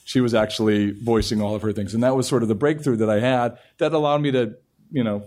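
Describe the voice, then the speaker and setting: A middle-aged television writer and show creator tells a long story during a panel interview, his voice medium-pitched and a little mellow. He rambles, often restarting his sentences as he goes.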